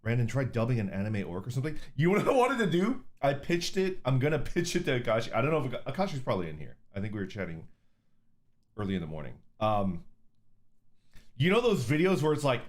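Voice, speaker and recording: A man's voice: mid-range voice, wildly swooping pitch, fast, faint music behind. A man streaming under an orc persona, casually chatting with viewers, reading super chats, laid-back and profane, laughing often.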